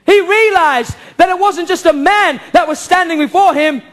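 Very high-pitched man preaching a sermon. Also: normal speed. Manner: impassioned, rhetorical questions, bursts of shouting. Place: church service before a congregation.

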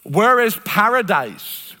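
High, bright-voiced preacher in a reverberant hall. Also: male voice, very animated, slow. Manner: earnest, emphatic, repeats phrases for weight. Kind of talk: sermon.

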